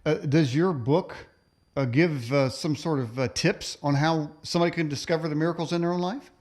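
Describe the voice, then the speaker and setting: A man's voice: fairly high pitch, a little fast, a little mellow. A male radio host asking a guest a question, hesitant and full of filler sounds. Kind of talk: interviewing a guest.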